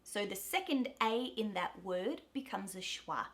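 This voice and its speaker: Young woman, Australian accent, pronunciation teacher, cheerful, crisp enunciation, mid-pitched, video lesson. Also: lively intonation, unhurried, fairly bright tone. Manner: cheerful, upbeat, clearly enunciated.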